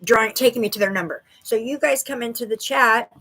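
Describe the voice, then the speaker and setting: A woman's voice: a little high, brisk, sharp tone. A woman giving intuitive readings to viewers on a livestream, bubbly and giggly, full of "like" and "okay". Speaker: livestream psychic reader.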